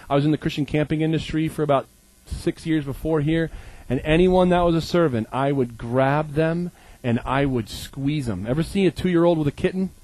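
A man's voice: a little high, darkish tone, no echo, rough recording. Man from Maine preaching with humor. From Maine, USA. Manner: humorous storytelling, acts out quoted voices. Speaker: pastor. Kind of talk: sermon.

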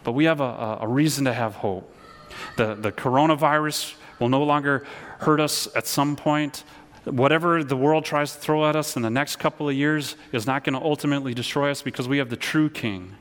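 A man's voice: mid-range voice, brisk. A man preaching a sermon as pastor, earnest, often repeating words and leading his listeners in call-and-response. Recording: long hall reverb.

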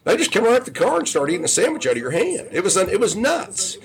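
A man's voice: high voice, wildly swooping pitch, quick pace. A man in his fifties, a podcast guest telling long casual stories with frequent restarts and self-corrections. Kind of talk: casual storytelling.

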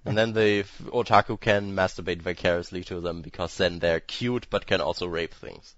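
Deep-voiced, deadpan male co-host. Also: moderate pace, dry recording. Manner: crude, deadpan jokes. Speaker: podcast co-host. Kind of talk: casual podcast chat. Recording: dull lo-fi dry recording.

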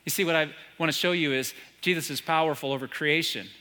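Fairly high-pitched, fast and sharp-toned, an American-accented man preaches from a church stage. He recounts stories and asks the congregation rhetorical questions, all captured with long hall reverb.

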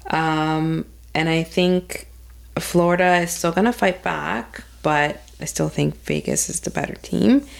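A woman talks through her sports betting picks slowly and hesitantly, laughing often. Her voice is low and gravelly. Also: sing-song. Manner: hesitant, giggly, halting. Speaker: guest picking bets. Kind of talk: casual sports betting chat.

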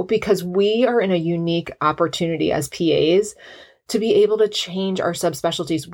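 Impassioned woman podcaster, low voice. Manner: earnest, impassioned, emotional. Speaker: podcast host, physician assistant. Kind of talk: motivational podcast monologue.

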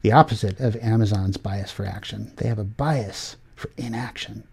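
A man's voice: fairly low pitch, steady tone, normal speed, gravelly, a little mellow, breathy edge. A middle-aged man hosting a casual tech talk show, rambling with many fillers and restarts. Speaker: podcast host.

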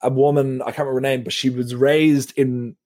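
A man's voice: medium pitch, level tone, brisk, a little mellow. A man hosting a film podcast, chatting casually and rambling with lots of fillers. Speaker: podcast host. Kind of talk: casual film review chat.

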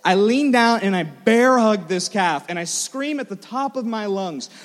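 High-voiced preacher. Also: male voice, normal speed. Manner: animated, self-mocking storytelling. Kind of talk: storytelling sermon. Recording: large hall with long reverb.

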